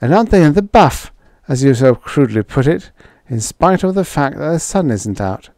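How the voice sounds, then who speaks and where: Read by a man, a quick, acid-tongued young secretary snaps back in curt retorts. Her voice is lifted and lively, set close and dry for a story reading. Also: a little high, dry recording, voice pushed up. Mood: tart.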